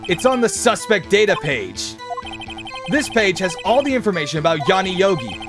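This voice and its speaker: Earnest young defense lawyer, read by a male streamer, eager and determined, lively high voice, game music behind. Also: moderate pace.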